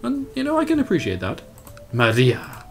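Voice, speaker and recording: A young man casually commentating his strategy game, animated, self-mocking and swearing at the game as he plays. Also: medium pitch, moderate pace. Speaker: let's play host.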